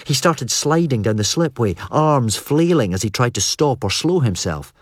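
A man narrating an audiobook in a measured, wry storytelling manner. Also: mid-range voice, animated, no echo, clean studio sound. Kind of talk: scripted narration.

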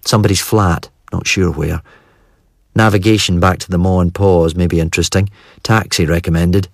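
Audiobook reader, man, very deep voice, dry close sound, wry and measured. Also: no room sound. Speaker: audiobook narrator. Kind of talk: first-person audiobook narration.

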